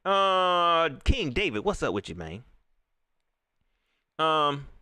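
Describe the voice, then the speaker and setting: A man hosting a live reaction stream, ranting in an animated way and talking straight to his viewers. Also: a little high, slow, smooth, dry recording.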